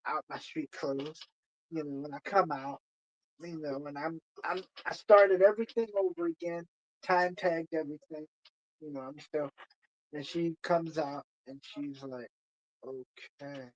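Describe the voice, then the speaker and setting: A man's voice: a little high, fairly even intonation, a little slow, dull audio. Rambling man telling a long story. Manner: rambling, repeats phrases, many "you know"s. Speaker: streamer. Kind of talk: casual storytelling.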